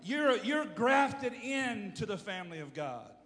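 A man preaching a sermon as pastor, swinging from low asides to shouted calls and urging the congregation to answer. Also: very animated, measured pace. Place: church hall. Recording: reverberant hall.

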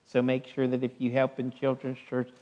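A man's voice: medium pitch, completely flat delivery, a little fast, dull audio. A man pastor giving church announcements and an offering sermon, punctuating his talk with "amen" and "hallelujah.". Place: church sanctuary.

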